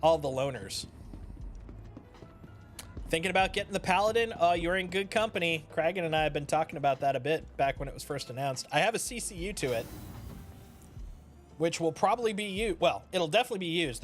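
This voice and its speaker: A young man streaming a game, chatting casually with playful, jokey asides. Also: a little high. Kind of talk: casual gameplay commentary. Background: game music.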